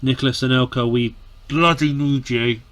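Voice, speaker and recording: A man giving emotional casual commentary on his football management game, sighing, groaning and breaking into shouts, often repeating words. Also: mid-range voice, steady tone, moderate pace. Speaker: gaming commentator. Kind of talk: casual let's-play commentary.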